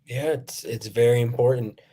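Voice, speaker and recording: A man who works as a fitness trainer, talking in a relaxed, conversational way as a podcast guest. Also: mid-range voice, moderate pace, slightly rough. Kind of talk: casual chat.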